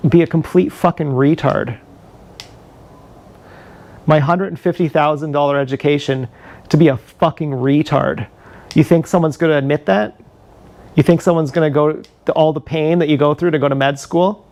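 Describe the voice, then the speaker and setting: A man's voice: a little high, fairly even intonation, normal speed, pauses often, darkish tone. A man ranting angrily and profanely on a live stream, filmed with an action camera. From Canada. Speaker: livestreamer.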